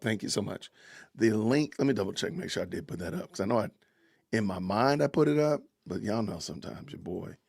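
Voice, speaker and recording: A middle-aged man with a drawl hosts a casual livestream, chatting loosely with his viewers and laughing often. His voice is gravelly and a bit husky. The sound is dry and close, with little room around it. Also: lowish voice, lively intonation, brisk, darkish tone, dry recording. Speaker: podcast host. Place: home, family heard in the kitchen.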